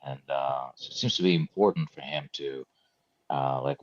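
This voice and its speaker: A man in a casual discussion, speaking thoughtfully and haltingly with many fillers. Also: extremely low pitch, no room sound. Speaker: discussion guest. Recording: dull, lo-fi, dry audio.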